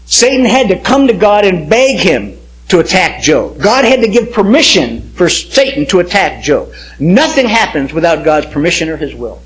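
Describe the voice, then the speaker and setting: A middle-aged man preaching his own testimony, his voice sitting high for a man and swinging widely up and down as he presses each point. He speaks with emphatic, impassioned conviction, as a pastor addressing his congregation. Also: sing-song, normal speed, rough recording. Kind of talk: personal testimony sermon.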